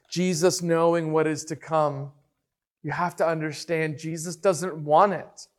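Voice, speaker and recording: Male preacher with a high voice and a slow, earnest, emphatic devotional delivery. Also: fairly even intonation. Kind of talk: devotional Bible teaching.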